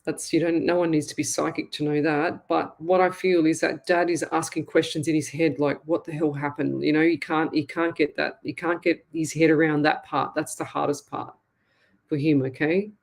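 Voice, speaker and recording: An Australian woman hosting a live psychic reading, speaking in a sympathetic, halting way and repeating herself often. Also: sits low, level tone, vocal fry. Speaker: psychic medium host.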